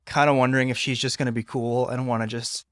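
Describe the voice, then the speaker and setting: A man's voice: mid-range voice, flat delivery, fast talker, fairly bright tone, no room sound, studio quality. A man in his thirties co-hosting a casual podcast, teasing in a playful way and often restarting his sentences. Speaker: podcast co-host. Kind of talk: casual chat.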